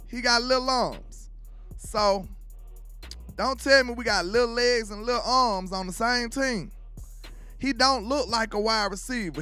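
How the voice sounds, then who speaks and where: A man's voice: sits high, pushed and bright, clear, resonant tone. A man from Alabama with a Southern accent hosts casual sports commentary, loose and trash-talking, forever asking if you know what he's saying.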